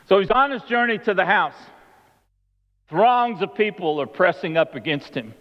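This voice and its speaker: Preacher in a reverberant church hall. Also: male voice, sits high, animated, moderate pace. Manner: storytelling, acting out the voices of the people in the story. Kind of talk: sermon. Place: church sanctuary. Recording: long hall reverb, dull lo-fi sound.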